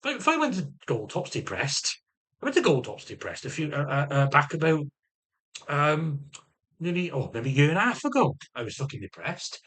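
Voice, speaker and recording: A man's voice: a little high, huge pitch swings, moderate pace, fairly bright tone, husky. A man vlogging in an unscripted, rambling, sweary way, repeating himself as he talks through his frustrations. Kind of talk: unscripted personal vlog.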